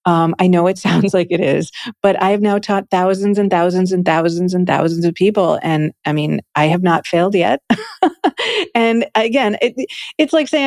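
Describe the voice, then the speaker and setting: A woman's voice: medium pitch, normal speed, darkish tone, no echo, studio quality. A woman being interviewed, talking with enthusiasm in a chatty, casual way, peppering her speech with "like" and "right?". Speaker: guest, Akashic Records reader and teacher.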